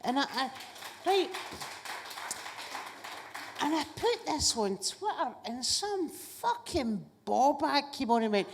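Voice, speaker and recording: A woman's voice: high-pitched, animated, slow, pauses often. A woman, a guest comedian chatting casually and telling stories with plenty of swearing. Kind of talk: casual chat.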